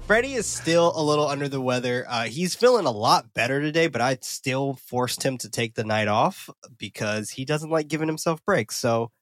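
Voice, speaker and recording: Hosting a horror movie podcast, a man chats loosely and energetically, laughing and swearing without restraint. His pitch is middling, his speed normal, and he barely pauses. The sound is dry and close-miked.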